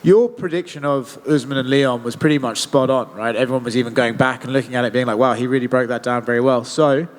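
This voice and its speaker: A man interviewing a fighter, asking questions in a quick, upbeat way. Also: medium pitch, fairly even intonation. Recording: reverberant hall.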